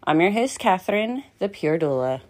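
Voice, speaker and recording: A woman's voice: lowish voice, big pitch swings, normal speed. A young woman hosting a podcast, chatting casually with fillers and light laughs. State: out of breath. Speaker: podcast host.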